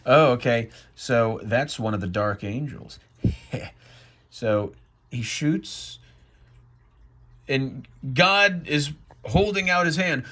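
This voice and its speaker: A man's voice: mid-range voice, animated, sharp tone. A man giving comedic, wry commentary on his own old comic. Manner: amused, wry, drawn-out asides. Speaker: vlogger.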